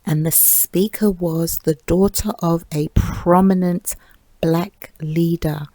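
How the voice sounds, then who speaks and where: A woman talks through her solo podcast in an unhurried, reflective way. Her voice sits low and mellow with a gravelly fry, and she often softens into near-whispers with small laughs. The sound is close and dry. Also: steady tone, no echo, low-quality recording. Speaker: podcast host.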